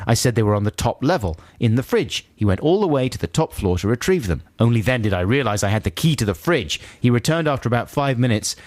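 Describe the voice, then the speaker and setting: A man's voice: medium pitch, a little mellow, no room sound. A man co-hosting a comic radio show, chatting and reading out listener emails, acting out the quoted lines. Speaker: radio co-host.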